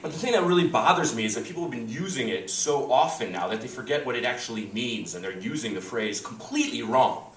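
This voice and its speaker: A young man works through a stand-up set, talking loosely with plenty of fillers and his pitch swinging up and down through the bits. He sounds a little off the mic in a roomy small club, with audience laughter rolling in clearly behind him. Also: expressive, fast, hardly any pauses, a bit bright, recorded from a distance, a little hiss or hum. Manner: conversational, rambling with many "like" and "you know" fillers. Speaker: stand-up comedian. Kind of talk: stand-up routine. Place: small comedy club in New York.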